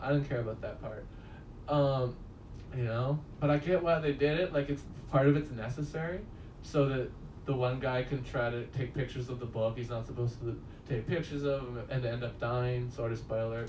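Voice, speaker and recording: In a casual film review, a man meanders through his thoughts, swears freely, and chuckles at his own tales. His mid-range, somewhat mellow voice is set back from the microphone. Echo fills the room, along with a faint background hum.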